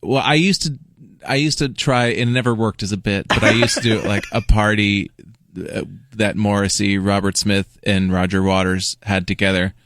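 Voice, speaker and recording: A man's voice: on the low side, normal speed, no room sound, clean studio sound. A man, a comedian guest on a morning radio show, telling funny stories and laughing through them. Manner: animated, laughing through anecdotes. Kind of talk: comic storytelling. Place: radio studio.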